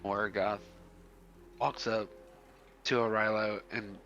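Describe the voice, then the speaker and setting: A man's voice: on the low side, level tone, takes it slowly, fairly bright tone, muffled recording, slight background noise. A man playing in a tabletop game, describing his character's action matter-of-factly. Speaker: player. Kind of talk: casual tabletop role-play.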